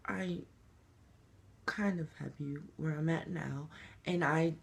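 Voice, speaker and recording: A man's voice: on the high side, slow pace, vocal fry. A young man telling his story in an emotional, rambling confessional vlog. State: crying. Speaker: vlogger.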